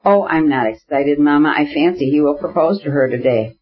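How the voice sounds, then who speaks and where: A man reading the part of an eager, excited young noblewoman in an audiobook. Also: on the high side, fairly quick, dull audio, close to an everyday voice. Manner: eager, gushing.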